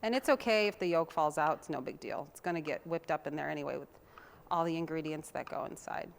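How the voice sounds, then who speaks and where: A woman's voice: deep voice, quick pace, vocal fry. A woman hosting a casual cooking demonstration, chatting to viewers in a homey way while she chops and mixes, sometimes drifting away from the mic. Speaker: cooking show host.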